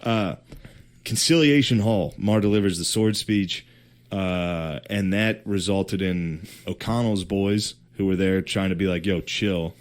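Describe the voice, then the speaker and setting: Low-voiced man telling history casually. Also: measured pace. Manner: profane, slangy storytelling with put-on quotes and laughter. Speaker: podcast co-host telling history. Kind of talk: casual comedic history chat.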